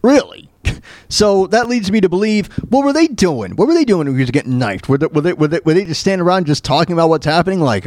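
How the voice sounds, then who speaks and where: A man's voice: high-pitched, sing-song, fast, a little mellow, no room sound, clean studio sound, faint music behind. A man hosting a podcast, riffing in a rambling, joking way that is full of repeated words and restarts. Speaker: podcast host. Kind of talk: casual comedic commentary.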